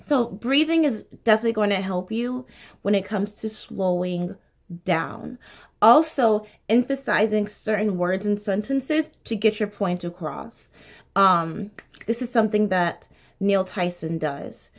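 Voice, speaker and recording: A woman in her late twenties giving speaking tips in a casual vlog, chatty and expressive, with lots of "like" and "um" fillers and the odd swear. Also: mid-range voice, unhurried. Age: late 20s. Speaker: actor sharing speaking tips. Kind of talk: casual talking-to-camera vlog.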